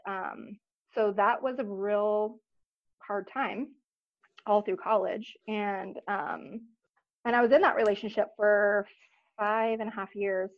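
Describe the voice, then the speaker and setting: Earnest soft-spoken woman, muffled recording. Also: mid-range voice. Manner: earnest, reflective, soft-spoken with frequent pauses. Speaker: podcast guest. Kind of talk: personal story in a casual interview. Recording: slightly dull recording.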